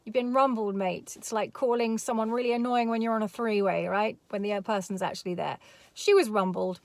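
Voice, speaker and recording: A woman's voice: mid-range voice, fairly even intonation, a little fast, creaky, no room sound. A woman giving a rambling casual commentary with emphatic repetitions. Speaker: commentary vlogger.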